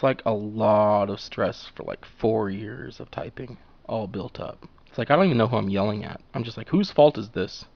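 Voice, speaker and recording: A young vlogger draws on camera while delivering a casual, profane monologue packed with fillers and frequent laughter. His voice is fairly low and gravelly, captured in a dull lo-fi home recording.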